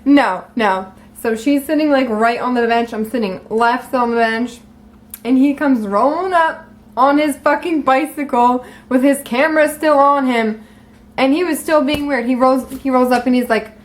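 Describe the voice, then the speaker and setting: Storytime vlogger: a young woman with a fairly high voice, loose, cursing and animated. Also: normal speed. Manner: profane, animated, full of likes. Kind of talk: casual storytime vlog.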